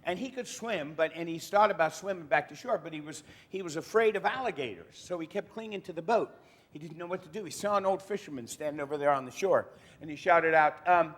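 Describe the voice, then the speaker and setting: A man's voice: a little high, brisk. A man telling folksy jokes in a live storytelling show at a retirement center. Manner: folksy, joking. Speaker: storyteller and singer.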